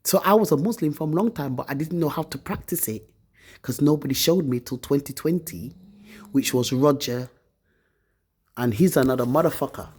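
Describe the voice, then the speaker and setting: A woman's voice: deep voice, normal speed, darkish tone, slightly rough. A woman vlogger ranting to her phone camera, bitter and accusing, swearing often. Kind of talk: angry personal rant to camera.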